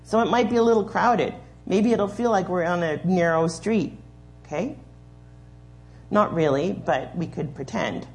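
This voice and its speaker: A woman's voice: fairly low pitch, measured pace, darkish tone. A woman leading a children's sermon in a church, patiently explaining and giving step-by-step instructions. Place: church sanctuary.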